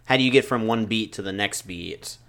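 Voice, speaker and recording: A man's voice: lowish voice, brisk, fairly bright tone. A man co-hosting a casual podcast, teasing and mock-outraged in banter. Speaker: podcast co-host. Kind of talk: casual chat.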